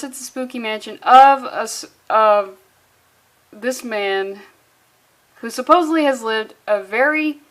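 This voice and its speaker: A woman reviewing a comic book in a sarcastic, exasperated way, swearing freely and using valley-girl phrasing. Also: high voice.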